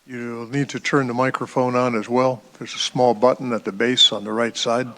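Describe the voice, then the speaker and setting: A man's voice: medium pitch, level tone, moderate pace, pushed and bright. A man chairing a public board meeting, reading formal text aloud and addressing speakers courteously.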